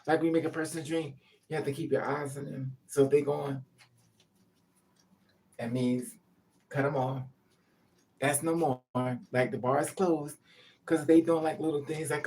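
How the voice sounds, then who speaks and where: A woman's voice: deep voice, fairly even intonation, normal speed, long pauses, a little mellow. A woman vlogger telling a rambling, profane story in casual chat to her viewers.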